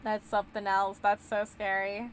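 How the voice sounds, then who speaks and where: A woman's voice: mid-range voice, flat delivery, normal speed, a little hiss or hum. A young woman streaming a game, chatting casually in a bubbly, giggly way. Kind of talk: casual gameplay chat.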